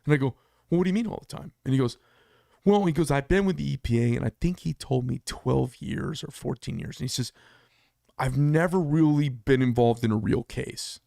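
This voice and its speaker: A man's voice: mid-range voice, moderate pace, vocal fry, mellow, no room sound, studio quality. A man and business owner giving a blunt, heated casual monologue, telling a story with asides. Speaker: business owner talking to camera.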